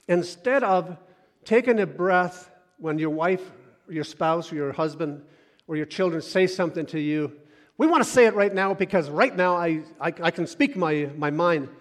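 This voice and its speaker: A man preaching a sermon, moving between loud urging and soft, hushed asides. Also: high-pitched, expressive, moderate pace. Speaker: pastor. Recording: long hall reverb.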